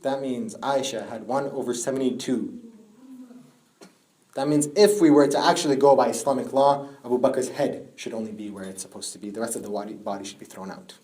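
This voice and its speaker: A young man giving a religious lecture to a youth group, building from plain storytelling to a high, tearful lament. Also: fairly quick, warm tone. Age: young adult.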